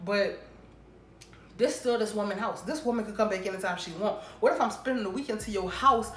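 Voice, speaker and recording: An animated woman vlogger tells a casual storytime straight to her viewers. She talks with emphatic energy, voicing her own lines in a retold argument. The room around her rings with a roomy echo over a faint hiss. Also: mid-range voice, fairly quick. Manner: animated, emphatic retelling with quoted exchanges.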